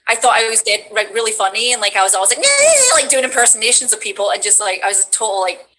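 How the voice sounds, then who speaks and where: Woman, voice actress guest, casual chat, self-mocking, bright voice, video call. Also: mid-range voice, steady tone, racing, slight background noise, low-quality recording. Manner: chatty, self-mocking, lots of fillers.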